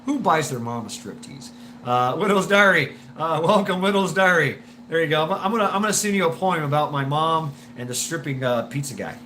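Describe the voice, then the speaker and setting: A man's voice: on the high side, a little fast, sharp tone, slight background noise. A man hosting a live stream, telling a story in a rambling way with swearing, laughs and many restarts.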